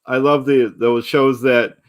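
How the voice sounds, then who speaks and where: A man chats as a guest on a livestream, courteous and a little halting, often restarting his sentences. His voice sits at an ordinary middle pitch. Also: flat delivery. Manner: polite, halting, hesitant. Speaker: guest, parody performer. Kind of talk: casual livestream chat.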